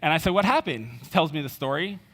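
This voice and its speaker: Bright-voiced man telling a story on stage. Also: fairly high pitch, lively intonation, fast talker. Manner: conversational, with fillers and quoted dialogue. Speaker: conference speaker. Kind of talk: storytelling keynote talk. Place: conference stage in a large hall. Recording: reverberant hall.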